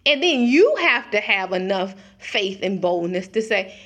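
A woman's voice: medium pitch, sing-song, unhurried, fairly bright tone. A middle-aged woman preaching a conversational sermon, acting out little dialogues as she talks.

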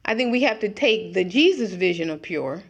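A woman's voice: medium pitch, lively intonation, normal speed. A middle-aged woman preaching a conversational sermon, acting out little dialogues as she talks.

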